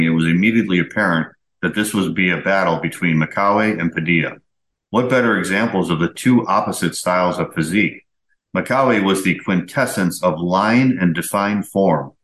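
A man hosting a podcast, reading old magazine articles aloud in a steady, measured storytelling way. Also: low voice. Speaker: podcast host. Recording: roomy echo.

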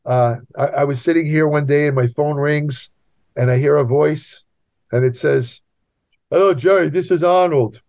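A man's voice: a little high, normal speed, darkish tone. A man talking as a guest writer on a podcast, rambling and repeating himself in casual chat. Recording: dull lo-fi sound.

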